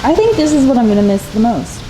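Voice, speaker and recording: A young woman vlogging outdoors, tearful and wistful, talking in halting, trailing-off phrases. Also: fairly high pitch, sing-song, echoey room, noisy background. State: tearful, crying. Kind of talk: emotional personal vlog. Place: outdoors by her apartment.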